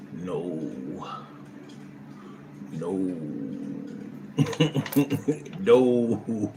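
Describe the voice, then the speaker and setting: Mid-range in pitch, a man reading his live-stream chat responds to viewers against slight background noise. His casual replies are blunt and profane, and he swings into loud, animated bursts.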